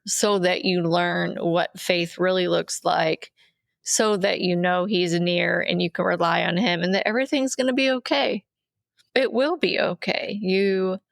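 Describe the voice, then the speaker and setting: A woman's voice: lowish voice, gravelly, no echo. A middle-aged woman co-hosting a faith podcast, talking earnestly about grief, at times near tears. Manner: earnest, tearful at times, voice rising when moved. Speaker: podcast co-host. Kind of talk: emotional faith podcast talk. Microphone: remote recording, separate location.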